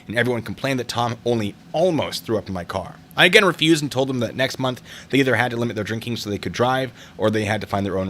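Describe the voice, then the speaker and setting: A male streamer with a lively, bouncing pitch reads reader stories aloud and riffs on them in a chatty, wry manner. His voice sounds bright and forward. He thanks viewers for donations as he goes. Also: a little hiss or hum. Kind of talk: casual live-stream commentary.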